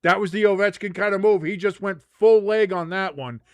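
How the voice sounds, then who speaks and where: A man's voice: high voice, brisk, no room sound. A man in his forties hosting a live sports watch-along, crude and rambling, laughing at his own jokes. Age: 40s.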